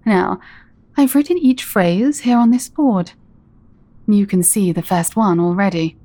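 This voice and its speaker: A woman performing a scripted dominant audio role-play, speaking in a teasing, commanding way and often dropping into soft whispers. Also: medium pitch, dry recording. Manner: teasing, commanding, slow and deliberate; soft-spoken, drops into breathy whispers.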